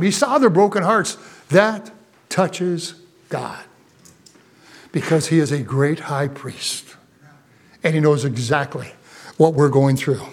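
A male pastor preaching a sermon, reading scripture aloud and explaining it, moving between fervent emphasis and quiet, slowed-down asides. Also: high voice. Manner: reads old scripture wording aloud, then explains it plainly.

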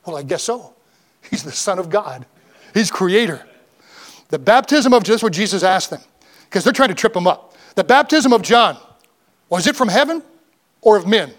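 A man's voice: very high voice, big pitch swings, brisk, fairly bright tone. A man preaching a sermon as pastor, fervent and rising in emphasis, reading scripture aloud in old-fashioned wording.

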